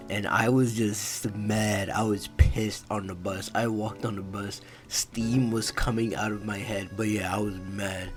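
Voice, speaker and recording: A young man narrating a casual story in a laid-back, profane way, full of fillers. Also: lowish voice.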